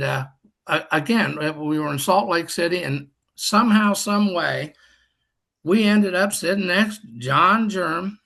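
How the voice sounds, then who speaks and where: A man's voice: a little high, gravelly, bright, forceful tone. An older man and past district governor, telling folksy, self-deprecating stories with dry humor on a group video call. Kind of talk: storytelling talk on a group call.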